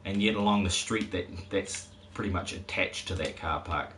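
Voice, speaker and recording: A man's voice: low-pitched, normal speed, fairly bright tone, slight background noise. A man chatting casually on a live stream while he plays, rambling, chuckling often and swearing at the game.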